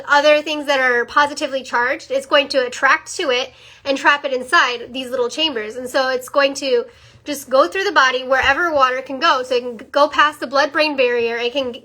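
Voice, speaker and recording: A woman's voice: high-pitched, pushed and bright. A young woman earnestly giving a casual testimonial as a mother, with many fillers and repeats. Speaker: mother sharing a product testimony.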